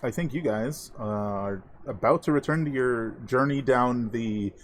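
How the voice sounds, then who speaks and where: A man running an online tabletop game as game master, relaxed and chuckling, with plenty of ums and uhs. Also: mid-range voice, unhurried. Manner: relaxed, laughing, filler-heavy.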